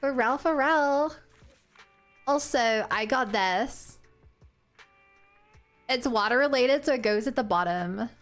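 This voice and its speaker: A woman's voice: fairly high pitch, unhurried, pauses often, a bit bright, soft background music. A woman with a New Zealand accent chatting casually and playfully on a gaming stream, with lots of "like" and "oh my god".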